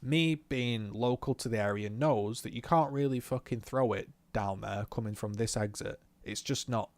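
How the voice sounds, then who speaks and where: A young man telling a story in a swearing, animated rant about a driving lesson, talking from his car. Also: medium pitch, moderate pace, dry recording. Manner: swears often, animated retelling. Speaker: vlogger. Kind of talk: casual ranting recount while driving.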